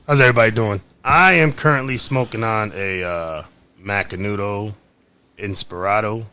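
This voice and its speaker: A man with a lowish voice chats casually about his drink and cigar. He sounds easygoing and agrees readily with the others. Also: normal speed, sharp tone, smooth. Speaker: podcast co-host. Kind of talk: casual chat.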